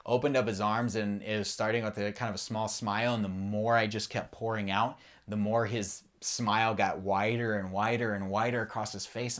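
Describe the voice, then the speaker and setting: A man with a somewhat low voice recounts a deeply personal faith experience. He talks in an earnest, rambling way and swears freely as he goes. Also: steady tone, normal speed, few pauses, fairly bright tone. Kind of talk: candid personal testimony.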